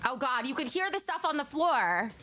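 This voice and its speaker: A woman with a high voice talks casually to her livestream audience from home. She chats along, reads out donations and talks to her cats. At times she is out of breath from exercising. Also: sing-song, normal speed, bright, forceful tone, a little hiss or hum. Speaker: livestream host.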